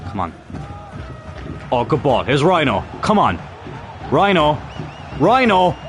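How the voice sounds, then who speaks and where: A gaming YouTuber plays a football career mode and commentates live, his mid-range voice very animated yet measured in pace and a bit bright. Frustrated and swearing, he urges on the players on screen and talks to them directly, with soft music in the background.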